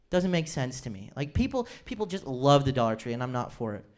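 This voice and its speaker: A man's voice: medium pitch, big pitch swings, fairly quick, few pauses, a little mellow. Young male comic in his 20s, rambling self-mocking stage delivery. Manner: rambling, self-deprecating, restarts often. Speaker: stand-up comedian. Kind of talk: stand-up routine. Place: comedy club stage.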